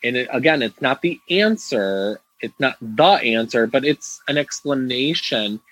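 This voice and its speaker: Male co-host with a slightly husky voice, earnest, halting delivery. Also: mid-range voice, expressive, fairly bright tone, rough recording. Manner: earnest, restarts often, talks to listeners. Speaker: podcast co-host. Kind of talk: casual podcast chat.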